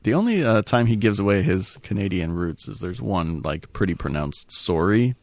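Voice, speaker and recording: A man co-hosting a podcast movie commentary, playful and quick with jokes. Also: fairly low pitch, expressive, darkish tone, no room sound. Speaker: podcast co-host. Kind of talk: casual movie commentary chat.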